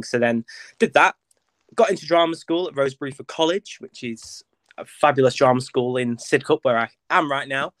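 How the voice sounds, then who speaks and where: This young adult from North West England, a theatre performer, is a guest in a casual interview chat, poking fun at himself and using lots of ums and likes. His mid-range voice is a bit bright, and there's no room sound.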